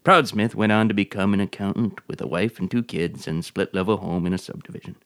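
An actor playing a calm, deadpan public radio host who keeps slipping insults into an interview. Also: male voice, deep voice, a little fast, dry recording. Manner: calm, dry, oddly insulting questions.

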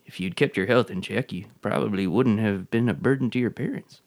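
An actor playing a calm, deadpan public radio host who keeps slipping insults into an interview. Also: male voice, on the low side, brisk, dry recording, lightly acted. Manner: calm, dry, oddly insulting questions.

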